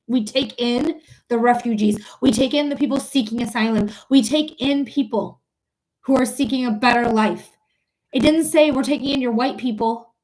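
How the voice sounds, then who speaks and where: Brief: woman livestream host, slightly high voice, casual, swears freely, talks straight to her viewers. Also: normal speed, darkish tone. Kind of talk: casual livestream chat and ranting.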